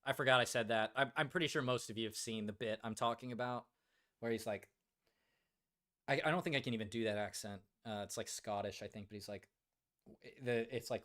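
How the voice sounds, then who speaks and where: A man's voice: mid-range voice, fairly quick, fairly bright tone. A man hosting a casual livestream, joking around and reading viewer comments aloud. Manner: joking, reads chat aloud, many fillers. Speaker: livestream host.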